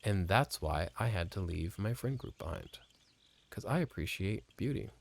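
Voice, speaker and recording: Gravelly, animated man rambling over gameplay. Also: fairly low pitch, moderate pace. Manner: rambling, profane, self-mocking banter with swings from mutter to exclaim. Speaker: let's play streamer. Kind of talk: casual gameplay commentary.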